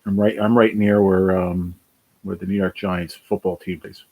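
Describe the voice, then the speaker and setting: Tired low-voiced New man. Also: level tone, normal speed, creaky, narrow, tinny audio. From New Jersey. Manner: tired, sighing, swears casually. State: worn out. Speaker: livestream host reading chat. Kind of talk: casual livestream chat.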